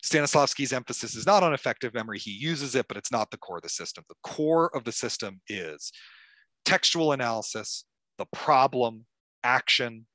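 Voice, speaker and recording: A man being interviewed as an author, telling history in a lively conversational way with many fillers and restarts. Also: mid-range voice, no echo. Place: stage talk at a club event.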